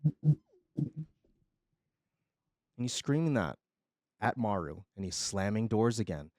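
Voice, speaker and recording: A man streaming, telling his chat a story in a casual, animated way, swinging between loud and quiet and swearing freely. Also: on the low side, moderate pace, dry recording, studio quality.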